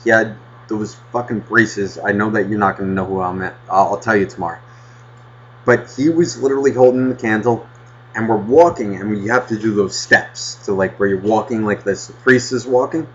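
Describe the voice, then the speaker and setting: A man casually telling a rambling childhood story on a podcast, swearing constantly and getting animated. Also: fairly low pitch, fairly quick. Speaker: podcast host. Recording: dull lo-fi podcast audio.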